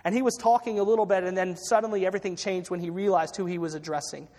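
A man's voice: sits high, steady tone, fast, warm tone, in a large hall. A man preaching a sermon, retelling a story with acted-out quotes and frequent restarts.

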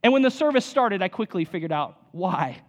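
A man's voice: high-pitched, lively intonation, a little fast, lo-fi sound. A young adult man preaching a sermon as pastor, conversational with frequent asides. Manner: casual, conversational, many "you know" asides.

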